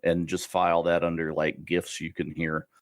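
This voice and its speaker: A man's voice: sits low, level tone, normal speed, no echo, studio quality. A man co-hosting a gaming podcast in casual chat, wry, with stumbling restarts. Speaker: podcast co-host.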